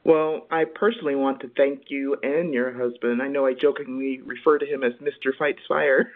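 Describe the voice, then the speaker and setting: A man hosting a casual interview in a relaxed, friendly way that sounds like a conversation. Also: mid-range voice, moderate pace, phone-quality sound. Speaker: interviewer, host.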